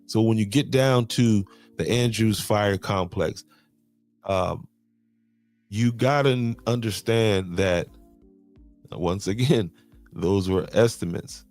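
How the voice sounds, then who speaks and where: A man's voice: lowish voice, takes it slowly, long pauses, darkish tone, faint music behind. A man, hosting a podcast and explaining local money matters, restarting words and checking in with "okay". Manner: repeats words, restarts and says "okay" often. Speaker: podcast host. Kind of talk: explaining local county finances to viewers.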